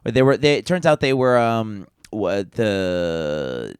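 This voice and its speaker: A man's voice: on the low side, slow, clear, resonant tone, dry recording, studio quality. Rambling, chuckling podcast guy. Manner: rambling anecdote with filler words and laughs. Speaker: podcast co-host. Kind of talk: casual storytelling chat.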